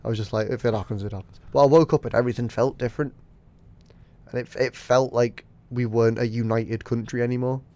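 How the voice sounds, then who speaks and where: A man's voice: mid-range voice, little pitch movement, brisk, mellow, dry recording. A man co-hosting a podcast, chatting casually, teasing his co-host and laughing often. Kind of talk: casual chat.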